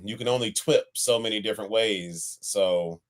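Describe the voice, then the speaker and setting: A man co-hosts a casual live-stream podcast, talking in a casual, slangy way. His voice sits on the low side. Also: moderate pace. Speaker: podcast co-host.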